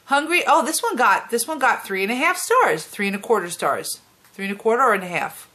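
A woman in her thirties, a vlogger chatting casually and reacting out loud as she watches a movie at home. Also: fairly high pitch, sing-song, brisk. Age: 30s. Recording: movie soundtrack playing behind.

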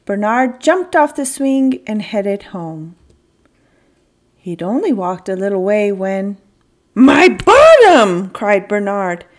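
Slow, expressive woman reading a picture book. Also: mid-range voice. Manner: expressive, gentle storytelling. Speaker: storyteller.

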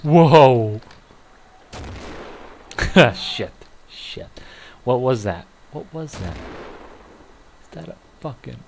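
A man talks through a war game as he plays, slow and unhurried between bursts of swearing and excited shouts. His voice sits at an ordinary pitch, with a faint hiss of background noise behind it. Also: creaky. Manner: profane, muttering, excitable outbursts. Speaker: gamer. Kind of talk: live gameplay commentary.

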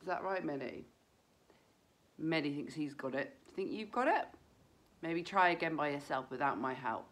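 A woman leading a children's breathing lesson, talking gently and encouragingly straight to the kids. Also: low voice, animated, normal speed, pauses often.

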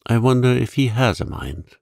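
A man voicing a kind, imaginative young girl who talks in a soft, coaxing, crooning way. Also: medium pitch, expressive, normal speed, vocal fry, no room sound, studio quality, pitched above the performer's own voice. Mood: tender, playful.

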